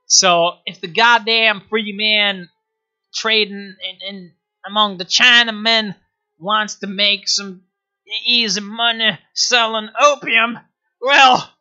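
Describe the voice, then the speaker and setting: A man voicing an angry, defiant frontier merchant who rants and shouts in a strained high voice. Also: steady tone, slow pace, muffled recording, exaggerated voice. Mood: ranting.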